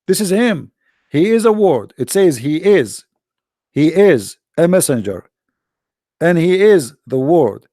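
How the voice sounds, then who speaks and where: A man hosting a live debate stream, tired and hoarse, talking in a sarcastic, taunting way. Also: a little high, big pitch swings, a little slow, warm tone, no room sound, clean studio sound. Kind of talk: casual mocking live-stream talk. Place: quiet room at home.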